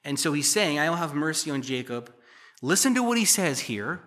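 Bright-voiced man preaching conversationally. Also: on the high side, very animated, quick pace. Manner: conversational teaching, frequent "okay?" check-ins. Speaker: pastor. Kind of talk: sermon.

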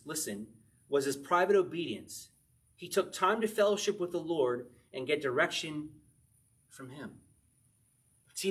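Male preacher, slightly high voice, lively sermon delivery with slow emphatic verse readings. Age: adult, married. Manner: animated preaching, shifts between fast asides and slow emphatic verse reading. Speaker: pastor.

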